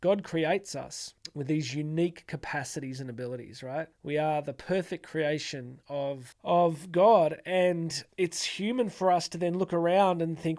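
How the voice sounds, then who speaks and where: A middle-aged man giving an energetic motivational talk to camera, acting out the voices of doubters and often restarting his sentences. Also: on the high side, unhurried, few pauses. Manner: repeats words as he restarts sentences. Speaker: motivational speaker.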